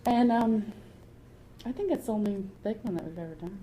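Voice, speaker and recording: A woman telling lively rambling anecdotes in a casual podcast interview, laughing often. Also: mid-range voice, a little fast, poor audio. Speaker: guest artist. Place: anime convention. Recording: convention crowd noise behind.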